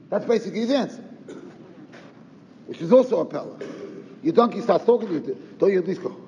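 This Torah teacher speaks briskly in a high-sitting, darkish voice, animated yet broken by long pauses, as he poses rhetorical questions and drops in Hebrew and Yiddish words. Faint noise, roomy reverb, and a muffled lo-fi sound color the clip.

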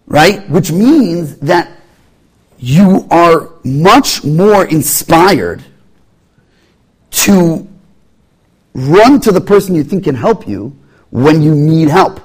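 A man preaching a sermon with a husky, slightly breathy voice, his pitch rising and falling in lively swings. He sits a little higher than most men and acts out small scenes in other voices to make his points. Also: unhurried. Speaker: rabbi.

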